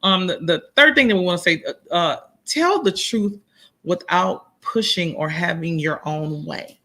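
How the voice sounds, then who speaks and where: Animated woman marriage coach, bright voice. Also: fairly low pitch, unhurried. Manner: animated, acts out quoted dialogue, repeats points for emphasis. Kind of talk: casual live chat.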